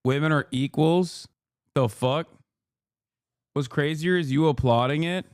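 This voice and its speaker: A man streaming live and reacting to video, profane and sarcastic as he snaps back at his viewers. His voice sits fairly high and comes through smooth and clear. The sound is dry and close to the mic. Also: unhurried, pauses often, no room sound. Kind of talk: livestream reaction commentary.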